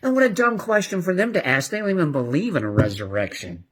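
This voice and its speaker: A man playing an excitable young male disciple in a church skit, leaving a rambling, animated voicemail and chuckling as he talks. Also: sits high, fast. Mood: eager. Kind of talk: amateur church skit monologue.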